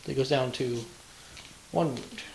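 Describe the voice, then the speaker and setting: A man's voice: mid-range voice, slow, creaky, a little hiss or hum, poor audio. A man hosting a tabletop wargame battle report, chatting casually through the play, counting dice aloud and throwing in playful taunts.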